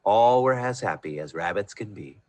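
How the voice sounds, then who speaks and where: A man reading a rhyming Christmas picture book aloud in a sing-song, expressive way over a video call. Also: on the low side, moderate pace, dry recording. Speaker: storyteller.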